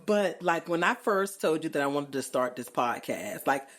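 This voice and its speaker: A middle-aged woman with a low voice hosts a podcast in a casual, chatty way. She speaks emphatically and playfully, leaning on colloquial phrasing. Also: animated, normal speed, fairly bright tone. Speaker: podcast host. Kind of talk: casual chat.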